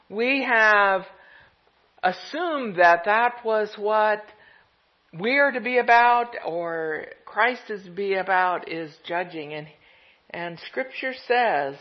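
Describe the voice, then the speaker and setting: An unhurried pastor gives a gentle, reflective sermon, letting each thought settle. The recording is dull and lo-fi, with the top end muffled. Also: mid-range voice. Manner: gentle, reflective preaching with soft laughs.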